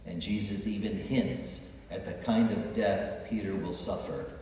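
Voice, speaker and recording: A man's voice: sits low, steady tone, measured pace, dark tone, slight background noise. A man, a priest, preaching a homily and acting out the dialogue in the stories he tells. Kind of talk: sermon. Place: church. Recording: echoey church hall from far off.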